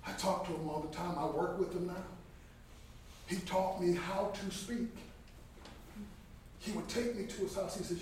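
A man in his fifties giving an impassioned motivational sermon at a Bible study, emphatic, swinging from hushed to loud. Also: sits high, fairly even intonation, normal speed, pauses often. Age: 50s. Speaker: guest speaker at a Bible study. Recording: very echoey room, distant mic, faint background noise.

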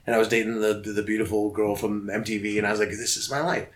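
A man guest telling rambling, excited stories in a casual interview, often acting out what people said. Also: lowish voice, very fast. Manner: excitable, rambling, acts out quoted voices. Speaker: guest musician.

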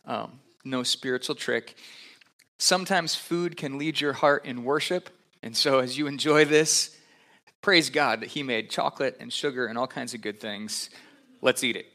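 Man, pastor, conversational sermon, bright voice, middle pitch. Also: normal speed. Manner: conversational, with fillers and asides.

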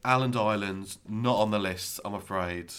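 A man's voice: on the low side, moderate pace, fairly bright tone, clear, resonant tone. A man co-hosting a casual podcast chat, dry and matter-of-fact. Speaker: podcast co-host.

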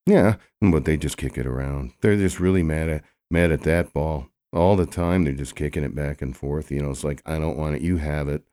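A man's voice: a bass voice, mellow. A man doing a rambling, clueless sports guy. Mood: bemused. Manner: rambling, halting, many restarts.

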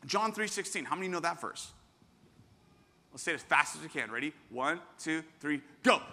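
A man's voice: mid-range voice, bright, forceful tone. A man preaching a sermon as pastor, conversational and self-interrupting, with sudden bursts of emphasis. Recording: long hall reverb.

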